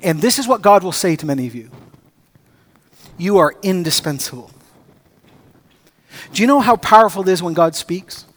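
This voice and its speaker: A man preaching a sermon as pastor, telling stories with acted-out dialogue and rising to excited emphasis. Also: high voice, moderate pace, pauses often.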